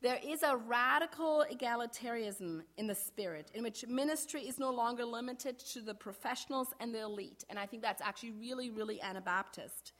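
Middle-aged woman pastor, slightly high voice, measured sermon delivery that slows on key phrases. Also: fairly bright tone.

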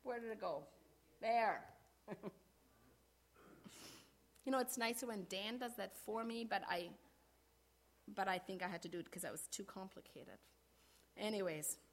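A middle-aged woman pastor giving a sermon in a measured way, slowing down to stress key phrases. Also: mid-range voice.

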